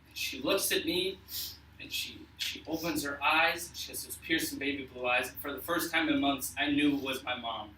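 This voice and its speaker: Young guy telling a heartfelt story, bright voice, echoey room from a distance. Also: medium pitch, slight background noise. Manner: earnest and emotional, with halting restarts. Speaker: speaker telling a personal story to an audience. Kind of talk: spoken personal storytelling.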